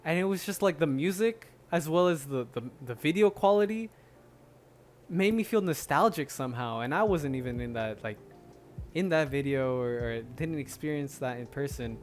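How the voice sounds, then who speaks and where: A man's voice: a little high, lively intonation, normal speed. A young man hosting a casual solo podcast, rambling with many restarts and fillers, a little out of breath. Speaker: podcast host.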